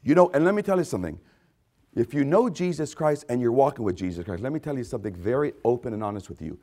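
A man's voice: medium pitch, animated, fast talker, warm tone. A man preaching a sermon with emphatic repetitions, often acting out quoted voices. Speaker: pastor.

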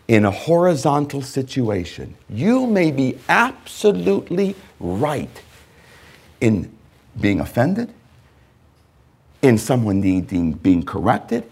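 A male pastor preaching a sermon, emphatic, with repeated phrases and swings between loud and hushed delivery. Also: medium pitch, huge pitch swings, slow, slightly rough.

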